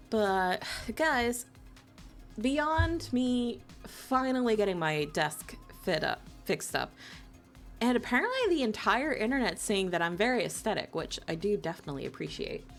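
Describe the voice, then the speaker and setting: A woman's voice: a little slow, soft background music. Giggly, teasing woman streamer. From New Jersey, US. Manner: playful, teasing, giggly, big swoops of pitch when excited. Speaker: live streamer. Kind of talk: casual live-stream chat with viewers.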